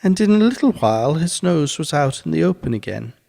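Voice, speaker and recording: A man reading a children's bedtime story aloud in an expressive, unhurried way. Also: fairly high pitch, vocal fry.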